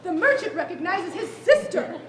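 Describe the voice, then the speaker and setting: Woman, live stage narrator, mock-grand storytelling, high and animated, roomy hall, audience. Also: normal speed, a little hiss or hum. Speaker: narrator in a comedy troupe. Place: theater stage. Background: audience laughter.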